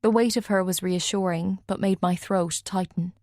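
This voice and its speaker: A woman narrating a first-person audiobook in a measured way, lightly voicing the other characters. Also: medium pitch, fairly even intonation, a little mellow, no room sound. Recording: dry studio recording.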